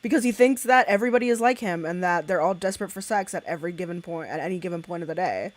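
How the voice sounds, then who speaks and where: A woman's voice: fairly low pitch, rapid-fire. A woman livestreamer chatting casually with her viewers, blunt and swearing freely, breaking into a cackling laugh. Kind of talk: casual live-stream reaction chat.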